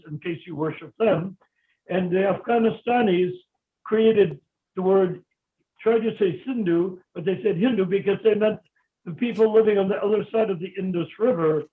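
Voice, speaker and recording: Insistent man on a tinny call line. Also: high-pitched. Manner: insistent, interrupting, lecturing. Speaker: discussion participant. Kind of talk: heated philosophical debate. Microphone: video call.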